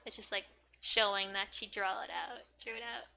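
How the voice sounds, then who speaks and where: Speaking a little fast in a clean tone, this woman runs a relaxed lesson reading manga to teach Japanese. She giggles frequently, says "like" and "um" constantly, and voices the characters in an excited, high pitch.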